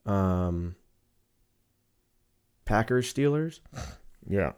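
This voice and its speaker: A man's voice: fairly low pitch, lively intonation, drawn-out words, a little mellow, clear, resonant tone. A young man talking casually and profanely on his own, rambling from one thought to the next. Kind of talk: casual solo chat.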